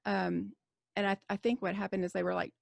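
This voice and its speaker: A woman in her forties with a gravelly edge to her voice, speaking as a nurse in a casual roundtable podcast chat. She talks candidly and rambles, with plenty of fillers and restarts. The sound is close and dry, with no room around it. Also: mid-range voice, flat delivery, brisk, a little mellow, no room sound. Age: 40s.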